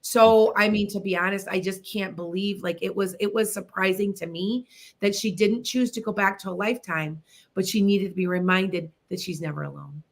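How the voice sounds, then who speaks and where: A woman from the Midwestern US hosting a psychic radio show, telling stories in a chatty, animated way and speaking straight to her listeners. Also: mid-range voice, normal speed. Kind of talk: casual storytelling on internet radio.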